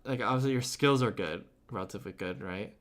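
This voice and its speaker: A man's voice: on the low side, quick pace. A young man chatting casually on a game stream, rambling through answers to chat with lots of fillers and restarts.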